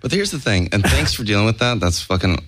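A man's voice: fairly low pitch, very animated, quick pace, a bit bright, soft background music. A man co-hosting a casual chat, speaking in a laid-back, agreeable way. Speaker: podcast co-host.

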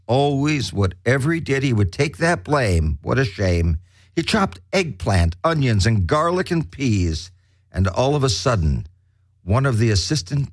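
A man hosting a comedy radio show, frantic and zany, swinging from shrill squeals to low mutters as he rants and spins a rhyming story. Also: no room sound. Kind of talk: manic comic monologue and rhyming story.

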